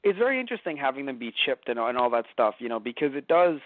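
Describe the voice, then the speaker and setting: A man co-hosting a casual podcast chat, animated and profane, laughing often. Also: medium pitch, fast talker. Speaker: podcast co-host. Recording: dry, phone-like lo-fi sound.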